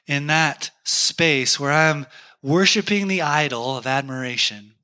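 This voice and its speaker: A man's voice: a little high, bright, forceful tone. A man preaching a sermon, telling a candid, self-deprecating personal story to make his point. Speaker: pastor.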